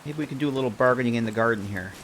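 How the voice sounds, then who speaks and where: A man's voice: medium pitch, racing, noisy background. A man streaming a game live, chatting casually with viewers and joking with characters as he plays.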